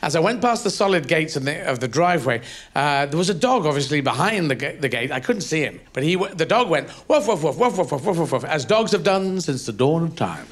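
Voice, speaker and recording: A man's voice: fairly high pitch, very animated, fairly quick, a bit bright, slight background noise. A man doing a rambling, self-mocking stand-up set on a comedy club stage. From England. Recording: live stage with audience.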